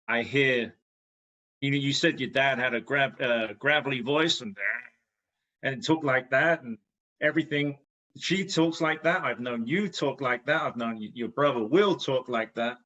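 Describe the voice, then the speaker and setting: A man with a bright, forward voice talks through a podcast chat in a halting, self-deprecating way. He stops and restarts often. The sound is a little muffled and lo-fi. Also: medium pitch. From England. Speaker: guest.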